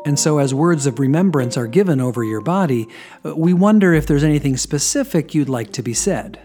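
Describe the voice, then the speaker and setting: A man's voice: on the high side, expressive, a little fast, warm tone, faint music behind, natural voice. A man voicing Saint Peter as a genial, officious old gatekeeper of heaven, inside a joke told during a sermon. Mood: welcoming. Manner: welcoming, officious.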